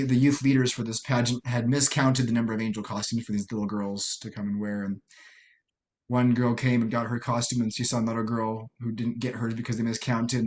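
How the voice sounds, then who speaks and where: Earnest halting middle-aged man. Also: medium pitch. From United States. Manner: earnest, halting, many restarts and fillers. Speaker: podcast guest. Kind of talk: personal storytelling interview.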